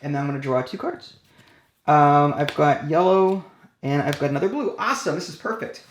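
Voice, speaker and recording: A man's voice: fairly high pitch, fairly quick, slight background noise. A man hosting a board game session, counting out his moves and reading the rules aloud as he goes. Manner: thinks aloud, counts out actions, reads rules step by step. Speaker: board game channel host. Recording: roomy echo.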